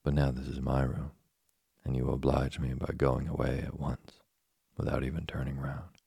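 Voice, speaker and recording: An impudent wooden puppet boy who snaps back defiantly, as a man reads him in a very low, gravelly voice. It is a sleep story reading with a flat, dark, dry sound. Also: normal speed, no room sound, heavily acted. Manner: defiant, impatient retorts.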